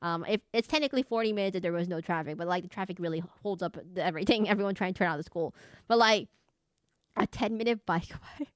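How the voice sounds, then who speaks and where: A woman's voice: medium pitch, fast, a bit bright, clear, resonant tone, no echo, studio quality. A young woman streaming a game, chatting casually with a giggly, rambling manner.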